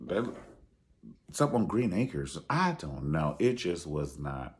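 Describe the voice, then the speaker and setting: Male reality TV reviewer, low pitch with wild swings, sassy and profane. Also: big pitch swings, takes it slowly. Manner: sassy, profane, dramatic, acts out quotes in high voices. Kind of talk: animated casual commentary.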